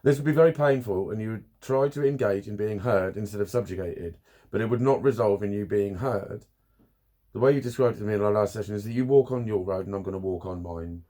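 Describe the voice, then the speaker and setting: A man's voice: on the low side, fairly quick, dark tone. A man talking candidly to camera about his therapy, blunt and swearing constantly, laughing at himself now and then. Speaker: vlogger. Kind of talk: candid personal talk to camera.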